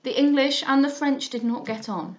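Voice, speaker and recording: A woman's voice: high-pitched, steady tone, normal speed, dull audio. A woman reading a classic novel aloud, arch and playful in her asides. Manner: arch and playful when chatting.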